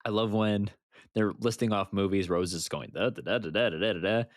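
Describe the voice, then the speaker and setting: A man co-hosting a casual podcast, animated and laughing often as he retells funny movie moments. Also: fairly low pitch, brisk, dry recording, clean studio sound. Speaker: podcast co-host. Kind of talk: casual chat.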